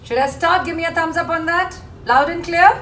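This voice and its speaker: A woman teaching a poem in an online class, animated and repeating words for emphasis. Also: very high-pitched, fairly quick, roomy sound, faint music behind. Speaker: English teacher.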